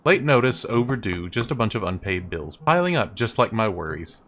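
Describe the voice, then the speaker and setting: A woman putting on a deep, weary deadpan man in a game. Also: moderate pace, soft background music, exaggerated voice. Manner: dry, deadpan jokes. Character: weary down-on-his-luck adult man, deadpan. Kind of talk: voice-acting a game.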